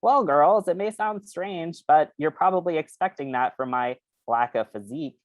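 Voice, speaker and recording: Reader putting on a squeaky little brain lady, kinda crazed, high pitched, storybook voice. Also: animated, moderate pace, dry recording, lightly acted. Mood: pleading. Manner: put-on accent, high and breathy. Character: disembodied female brain, squeaky and slightly crazed.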